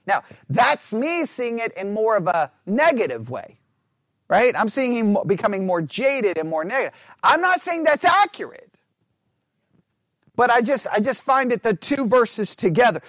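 Guy with a really high voice running a bible study, dry close sound, keeps restarting and asking the group stuff. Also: very animated, moderate pace, a bit bright, no room sound. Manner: thinks aloud, repeats and restarts words, asks the group questions. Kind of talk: conversational Bible study teaching.

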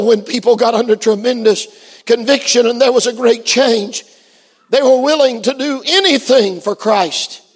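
A man preaching a sermon, who shouts and then drops very low to tell a story. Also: husky. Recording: echoey hall.

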